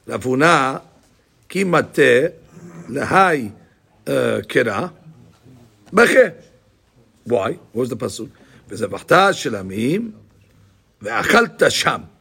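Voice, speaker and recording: A man teaching a Talmud class in an animated, repetitive way, dropping Hebrew and Aramaic terms into his speech. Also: medium pitch, slow, creaky, long pauses, slightly rough. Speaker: Torah teacher.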